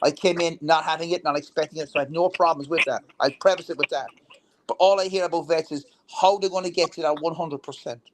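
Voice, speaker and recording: A man's voice: on the high side, steady tone, quick pace, noisy background. A man talking politics heatedly and bluntly, swearing and restarting his sentences often. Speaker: veteran political talk show guest.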